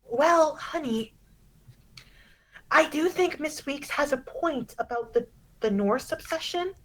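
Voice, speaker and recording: A woman voicing a gentle, patient mother who speaks softly and carefully in a tabletop role-play. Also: high voice, slow, voice pushed up, low-quality recording. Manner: soft, careful, soothing.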